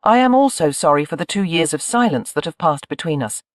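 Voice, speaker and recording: A narrator voicing a soft, humble young woman. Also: medium pitch, lively intonation, brisk, no echo, clean studio sound, lightly acted. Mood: soft, contrite. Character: young woman, contrite, struggling with pride.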